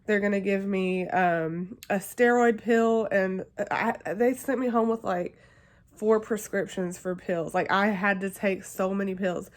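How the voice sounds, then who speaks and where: A woman's voice: medium pitch, fairly even intonation, a little slow. A young woman vlogging, telling a personal story in a chatty, emotional way with lots of fillers. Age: young adult. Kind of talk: casual storytelling to camera.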